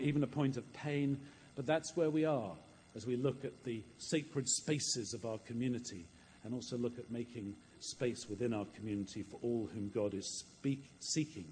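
A man's voice: mid-range voice, a little mellow, a little hiss or hum. Earnest male preacher in an echoing church. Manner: earnest, with repeated words and dramatic retellings. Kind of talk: sermon.

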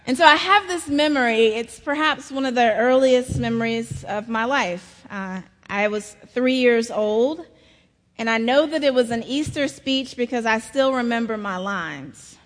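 Middle-aged woman, slow sermon delivery, long reverb of a large church. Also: on the high side. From South Carolina, US. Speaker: preacher.

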